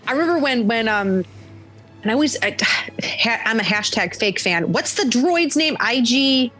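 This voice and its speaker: A woman's voice: fairly high pitch, expressive, moderate pace, a bit bright, soft background music. A young woman chatting casually on a podcast, telling stories animatedly and acting out quotes with laughter. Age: young adult. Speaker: podcast guest. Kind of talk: casual chat.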